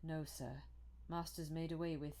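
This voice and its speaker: A woman's voice: deep voice, little pitch movement, moderate pace, mellow, natural voice. A woman reading aloud as a frightened old male butler who speaks in a harsh, broken, urgent way. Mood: anxious, urgent.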